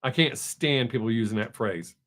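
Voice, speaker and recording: In a casual live stream, a middle-aged host chats with viewers in a medium-pitched, fairly bright voice at a moderate pace. His talk meanders, includes swearing, and frequently starts over.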